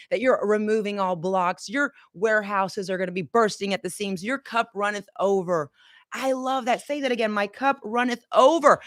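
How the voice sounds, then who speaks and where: An energetic woman hosts a motivational live stream, talking straight to her viewers and urging them to repeat affirmations. Her voice sits at an ordinary middle pitch. The sound is close and dry, with no room echo. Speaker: motivational host.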